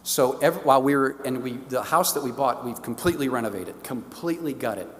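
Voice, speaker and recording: A middle-aged man from St. Louis, Missouri, a diocesan stewardship director, gives a fast, enthusiastic, story-filled talk to a parish. His medium-pitched voice acts out the conversations he recounts, with the long reverb of a church hall around him.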